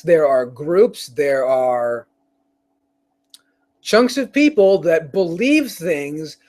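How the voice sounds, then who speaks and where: A man hosting his own show, ranting in a rambling, profane way with frequent restarts. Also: high voice. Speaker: show host. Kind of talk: casual rant on a live stream.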